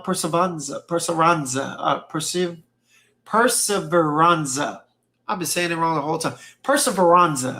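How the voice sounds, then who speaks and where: Chill slangy guy on a stream reading comments, voice a bit on the high side. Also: a bit bright. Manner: laid-back, slangy, repeats phrases, reads viewer comments aloud. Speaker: fragrance livestream host. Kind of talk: casual livestream chat reading comments. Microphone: streaming mic.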